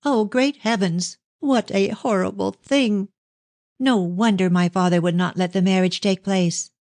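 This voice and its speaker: A woman's voice: medium pitch, fairly even intonation, a little slow, darkish tone, dry recording, pitched above the performer's own voice, close to an everyday voice. A woman voicing a proud, indignant young woman who speaks crossly in a storybook reading. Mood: horrified. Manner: cross, agitated.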